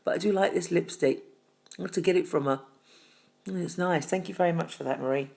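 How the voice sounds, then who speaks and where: Woman host, middle-aged, gravelly, a bit low, chatty, fussy, deadpan comic tutorial. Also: a little fast, slight background noise. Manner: chatty and fussy, calls viewers darling.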